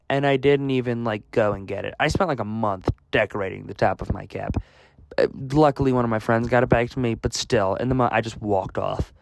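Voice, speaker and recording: Young man, casual storytelling, rambling, self-deprecating, gravelly, dry recording. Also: mid-range voice, dry recording. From United States. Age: young adult. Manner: rambling, self-deprecating, lots of fillers and restarts.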